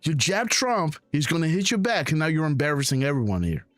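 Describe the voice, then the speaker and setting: A man hosting a live stream, reacting to a press clip with excited, mocking commentary and frequent laughter. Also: fairly high pitch, fairly quick, dry recording, soft background music. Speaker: host reacting to a news clip.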